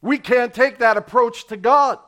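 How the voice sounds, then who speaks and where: A male pastor preaching a sermon, acting out the people he quotes and swinging between loud and quiet. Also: very high voice, a little slow. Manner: dramatic, acts out quoted voices with big swings in loudness.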